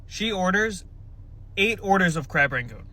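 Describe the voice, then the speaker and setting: A man's voice: high-pitched, lively intonation, a little slow, bright, forceful tone. A man in his twenties telling a dating story in a sarcastic, exasperated storytime style. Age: 20s. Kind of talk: storytime vlog.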